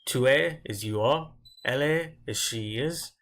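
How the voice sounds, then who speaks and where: A man teaching grammar as a language teacher, explaining step by step and slowing down to drill each example word. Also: medium pitch, fairly bright tone. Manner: slow, deliberate drilling of example words.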